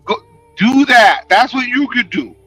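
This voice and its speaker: A man with a high, bright voice that swings widely as he rants at his chat in a casual livestream. He talks in a profane, confrontational, sarcastic way. The sound is dry and close, with faint music playing behind him. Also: expressive, unhurried, no room sound, low-quality recording.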